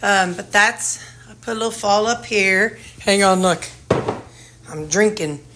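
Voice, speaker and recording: A woman's voice: medium pitch, measured pace, noisy background. A woman with a Missouri accent, rambling casually as she shows her home on a handheld phone and chats to her dogs. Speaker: vlogger. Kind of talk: casual home tour vlog. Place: her house, indoors.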